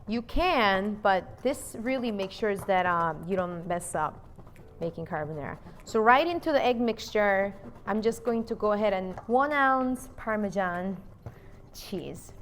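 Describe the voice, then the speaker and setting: A woman's voice: mid-range voice, animated, a little slow, slight background noise. A young woman hosting a home cooking demonstration, chatting playfully with viewers as she works in her kitchen. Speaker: cooking channel host.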